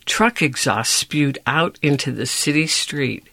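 A storyteller reading a children's picture book aloud, describing each page in a slow, deliberate, gentle way. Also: mid-range voice, creaky, no room sound.

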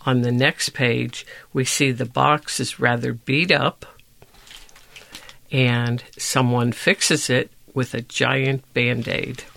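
Slow, gravelly storyteller. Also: mid-range voice, level tone. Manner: slow, deliberate, gentle. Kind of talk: reading a picture book aloud, describing pages.

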